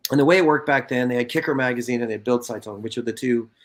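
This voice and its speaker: A man in his fifties from California, telling stories in a casual interview, animated and profane, acting out what people said. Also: medium pitch, very fast. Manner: animated, profane, acts out quotes. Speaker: guest, former soccer player.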